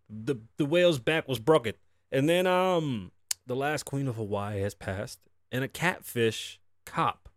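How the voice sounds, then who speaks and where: A man's voice: fairly high pitch, no room sound, studio quality. A man in his thirties, raised Puerto Rican, hosting a casual podcast in a loose, profane, chatty way with Spanish asides. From Puerto Rico. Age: 30s. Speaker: podcast host. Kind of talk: casual chat.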